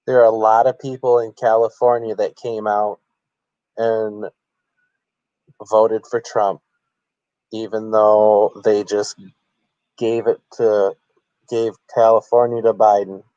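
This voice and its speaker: A man's voice: lowish voice, level tone, slow pace, pauses often, warm tone, no room sound, lo-fi sound. A man hosting a satirical livestream, speaking in a mock-earnest, theatrically emotional way. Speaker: streamer.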